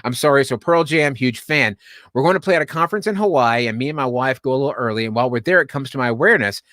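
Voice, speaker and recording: A man hosting a podcast livestream, telling a story in a casual, animated way, laughing often and acting out the voices of the people in it. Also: medium pitch, fast, dry recording, clean studio sound. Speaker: podcast host.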